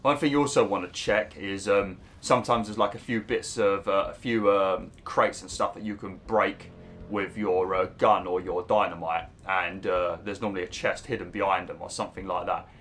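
A man's voice: deep voice, steady tone, normal speed, a bit bright. A man giving rambling, casual commentary over a video game, swearing and laughing easily. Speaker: gaming YouTuber.

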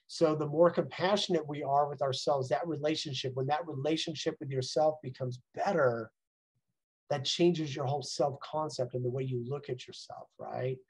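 Man, middle-aged, husky voice, slightly high pitch, casual coaching talk, rambling. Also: poor audio. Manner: conversational, rambling, frequent "right?" and "like". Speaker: success mindset coach hosting a talk. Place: at home.

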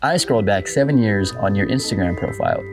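A man's voice: fairly low pitch, lively intonation, fast talker, over music. A man in casual chat as an actor guest, playful and joking with his co-star.

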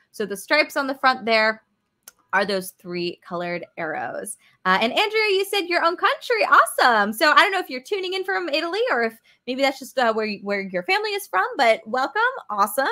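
Upbeat woman with a bright voice. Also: a little high. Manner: upbeat, chatty, answers viewer comments. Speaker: museum educator. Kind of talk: live virtual museum tour. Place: aircraft museum hangar.

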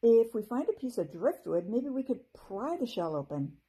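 An eager, kind young girl speaks in a lively, encouraging way, as a woman reading a storybook aloud puts her on. The voice is warm and mellow with a breathy softness, and it moves up and down with plenty of life. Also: a little high, moderate pace, pitched above the performer's own voice, exaggerated voice.

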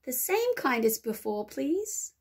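A woman voicing a small hungry boy who asks quietly and hesitantly. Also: high-pitched, sing-song, takes it slowly, husky, full character voice.

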